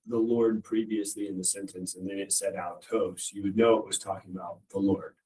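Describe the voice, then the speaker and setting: A male student reasons through a point aloud and checks that he has understood it. His voice is fairly low and mellow, and he sits away from the microphone. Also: fairly even intonation, fairly quick, far from the mic, low-quality recording. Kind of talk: classroom discussion. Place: classroom.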